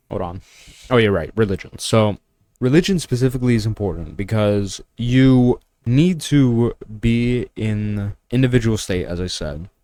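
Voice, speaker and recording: Young man, low pitch, dry close sound, preachy self-help vlogger who is blunt and provocative. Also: darkish tone, dry recording. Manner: blunt, preachy, fires rhetorical questions; crude, provocative asides. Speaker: vlogger giving money and mindset advice. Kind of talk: casual talking-head monologue.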